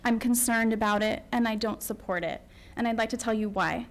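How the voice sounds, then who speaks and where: Woman, parent, public comment, emotional, near tears, halting, fairly high voice. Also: rough recording. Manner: emotional, tearful, apologetic, halting with many ums. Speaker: parent speaking at school board meeting.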